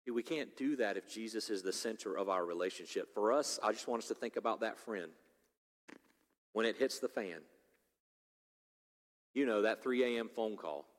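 A pastor in his forties preaching a sermon, swinging between loud urgency and hushed, intimate appeals. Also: fairly low pitch, moderate pace, long pauses. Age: 40s. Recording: long reverb of a large hall.

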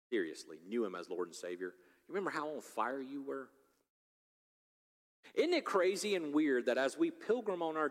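A pastor in his forties preaching a sermon, swinging between loud urgency and hushed, intimate appeals. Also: on the high side. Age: 40s. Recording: long reverb of a large hall.

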